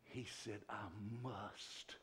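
A male preacher, delivering a sermon that swings from shouts to hushed whispers. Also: on the low side, steady tone, very slow, a little hiss or hum.

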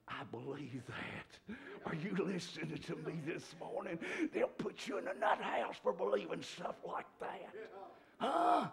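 A male preacher, delivering a sermon that swings from shouts to hushed whispers. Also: a little high, lively intonation, a little slow, creaky.

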